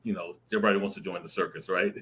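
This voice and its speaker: A man on a video call telling a lively personal story, acting out the voices in it and laughing often. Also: deep voice, racing. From Arizona. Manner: animated, acts out voices in his stories, laughs often. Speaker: guest storyteller. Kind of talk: casual anecdote telling.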